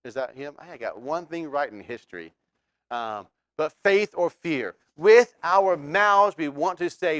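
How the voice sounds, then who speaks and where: A man's voice: a little high, expressive, unhurried, a bit bright, dry recording. A man preaching a sermon as pastor, talking conversationally and asking the congregation questions.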